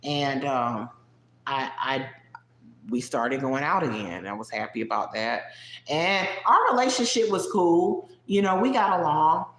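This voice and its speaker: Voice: mid-range voice, animated, unhurried, fairly bright tone. A livestream host telling a personal story in casual, digressive chat, talking straight to viewers in the chat. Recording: roomy echo.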